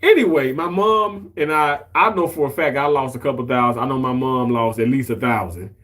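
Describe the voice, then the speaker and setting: A man's voice: mid-range voice, a little fast, fairly bright tone. A man from Mississippi, hosting a livestream in a chatty, emotional and effusive way. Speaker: livestream host. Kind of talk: casual chat.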